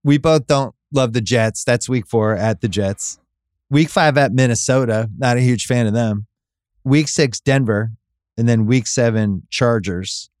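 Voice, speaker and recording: Man, podcast co-host, casual sports chat, dry close sound, mid pitch. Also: darkish tone, no echo. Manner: conversational, lists schedules quickly.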